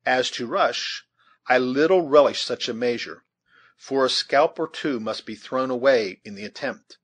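A man voicing a seasoned frontier scout, adult and practical, who speaks in a plain, deliberate old-fashioned way with a husky voice. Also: mid-range voice, a bit bright. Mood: calm, wary.

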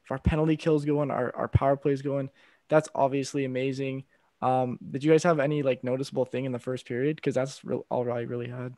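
Casting note: tired young-sounding male podcast co-host, mid pitch, dry close sound, easygoing chat. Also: brisk, no echo. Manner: relaxed, reads a sponsor spot. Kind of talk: casual hockey podcast chat.

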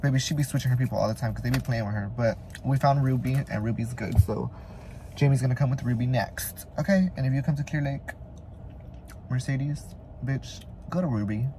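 A man's voice: mid-range voice, brisk, mellow, a little hiss or hum. A young man vlogging, chatting to the camera in a sassy, swear-filled way, first at home, then in his car and at a dealership. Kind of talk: casual chat to camera.

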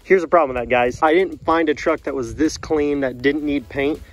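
A man casually talking about his pickup truck, animated and slangy, addressing his viewers directly. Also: fairly high pitch, normal speed. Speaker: truck vlogger. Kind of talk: casual vlog talk.

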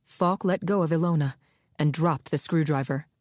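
Reading an audiobook, a woman speaks in a measured, even way with a low-pitched voice. The scripted narration has clean studio sound with no room sound.

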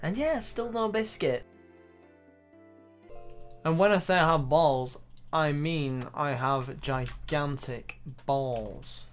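A young man giving excitable, profanity-laced commentary over his own gameplay clips. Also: a little high, slow, pauses often. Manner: excitable, swears freely, loud exclamations. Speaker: gaming YouTuber. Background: faint background music.

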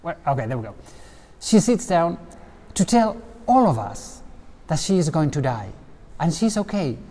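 A lively tour guide leads a casual tour through an indoor stone cathedral cloister, explaining things with asides. His voice is fairly high and he speaks at normal speed, with the cloister's long stone reverb echoing around him.

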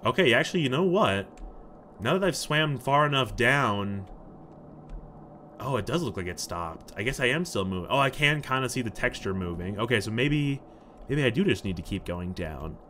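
A man giving jokey, excitable commentary while playing a game, swinging from loud outbursts to hushed muttering. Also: mid-range voice, moderate pace, a little hiss or hum. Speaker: gaming video creator. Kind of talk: let's play commentary.

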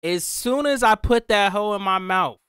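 A young man doing a casual taste-test vlog as a food reviewer, talking in slangy, excitable bursts, swearing and repeating himself. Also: high-pitched, moderate pace, clear, resonant tone, no echo, studio quality.

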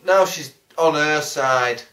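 A man's voice: fairly high pitch, takes it slowly, sharp tone, far from the mic. A man, rambling and swearing in a casual chat, often losing his train of thought. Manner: rambling, sweary, easily sidetracked. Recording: roomy sound from off the mic.

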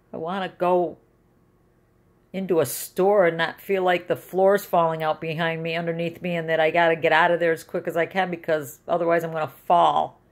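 Middle-aged woman, low voice, emotional rambling vlog diary, frustrated. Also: little pitch movement, normal speed, long pauses. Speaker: vlogger. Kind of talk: personal video diary.

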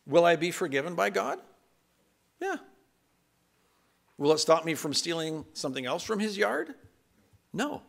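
A man pastor giving a conversational, self-deprecating sermon in a church, slipping into quick acted asides. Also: fairly high pitch, very animated, gravelly, fairly bright tone. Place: church sanctuary.

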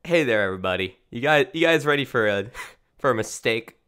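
A man's voice: medium pitch, expressive, brisk, bright, forceful tone, smooth. A young man casually streaming a game, tired with a worn voice, loopy and rambling, laughing often.

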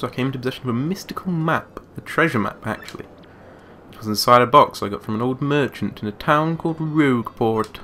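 A man's voice: medium pitch, fairly bright tone, a little hiss or hum. A man voicing a polite princess reading her own letter aloud in a slightly raised, sweet tone.

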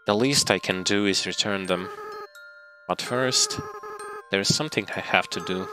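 A man voicing a tearful, remorseful young goat-monster boy as he reads game dialogue aloud in a slow, earnest way over gameplay. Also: sits low. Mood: resolved. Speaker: let's play gamer. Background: game music.

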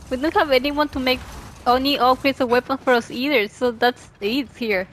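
High-voiced, emotional woman streamer. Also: moderate pace, slight background noise. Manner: emotional, gushing, swears and laughs a lot. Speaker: gameplay streamer. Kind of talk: live gameplay reaction.

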